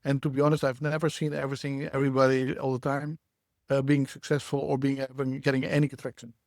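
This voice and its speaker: A man, a guest on a podcast, speaking in a measured, reflective way with frequent restarts. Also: mid-range voice, little pitch movement, creaky, a little mellow, dry recording, clean studio sound. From Netherlands. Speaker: guest, startup CEO. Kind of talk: podcast interview.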